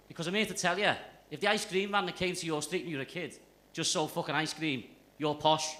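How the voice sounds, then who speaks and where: A young male stand-up comedian with a Liverpool accent, from the Liverpool area of England, delivers a sweary, brash set. His voice is a little high and a bit bright, quick-paced and steady in tone, heard through a club stage mic with faint noise.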